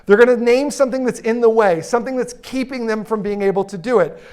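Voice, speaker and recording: High-voiced man giving a playful keynote. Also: fast talker, clean tone. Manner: energetic, playful, teasing the audience. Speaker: keynote speaker. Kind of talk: live keynote talk with audience call-and-response. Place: conference stage before an audience.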